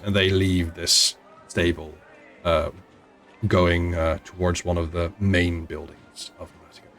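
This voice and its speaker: A man narrating a tabletop game as game master, halting and full of restarts. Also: low voice, level tone, fairly bright tone, soft background music.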